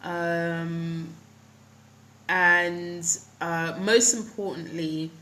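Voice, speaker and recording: A woman's voice: on the low side, fairly even intonation, very slow, a bit bright, low-quality recording. A middle-aged woman hosting a casual live stream from her phone, chatting with viewers and greeting them by name between thoughts, with many ums.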